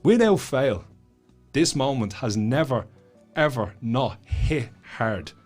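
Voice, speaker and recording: Husky, blunt Dublin man. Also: mid-range voice, slow pace, faint music behind. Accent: Dublin Irish. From Ireland. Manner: blunt, swears a lot, animated storytelling. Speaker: guest author and school speaker. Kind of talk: casual podcast chat. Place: studio.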